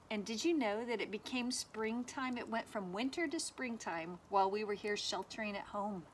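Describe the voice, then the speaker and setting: A woman's voice: medium pitch, slight background noise. A woman teacher giving a cheerful, sing-song lesson to children outdoors by a fire pit, inviting them to repeat after her.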